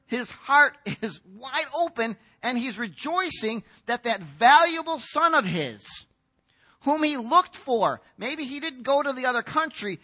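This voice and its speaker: A man's voice: very high voice, sharp tone. An American man preaching a sermon in a conversational storytelling way, acting out the voices in the story. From United States. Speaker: pastor.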